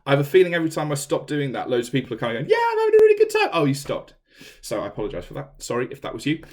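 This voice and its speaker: Filmed on a camera in a room at home during lockdown, this English man teaches an online singing lesson in a chatty, self-deprecating way while a piano plays. His medium-pitched voice races along with lively intonation.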